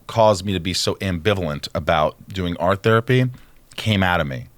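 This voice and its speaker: Male podcast guest, lowish voice, dry close sound, lively storyteller who acts out dialogue and swears. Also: normal speed, dry recording. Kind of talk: casual storytelling chat.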